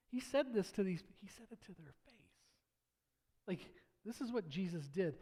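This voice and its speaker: A man's voice: high-pitched, darkish tone. A married man preaching a sermon as pastor, telling a parable in a casual, storytelling way with stammered restarts and acted-out quotes. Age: adult, married.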